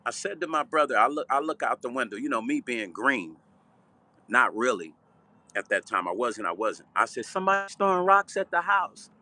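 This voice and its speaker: A man's voice: medium pitch, moderate pace. An older man from Chicago telling a personal story in a vivid, blunt, street-style way. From Chicago, Illinois. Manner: vivid, animated storytelling, repeating "right?". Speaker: vlog host and musician.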